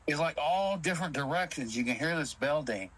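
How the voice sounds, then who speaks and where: On a poor-quality recording, a man with a fairly high voice talks fairly quickly as he phones in to tell a spooky story about an encounter. He speaks casually and animatedly with a Southern inflection, acting out what other people said in quoted dialogue.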